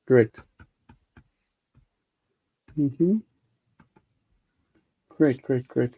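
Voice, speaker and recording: A man hosting a live-streamed Hebrew study group, patiently explaining grammar and sounding words out slowly. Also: medium pitch, slightly rough, phone-quality sound. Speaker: host leading a live Hebrew reading group.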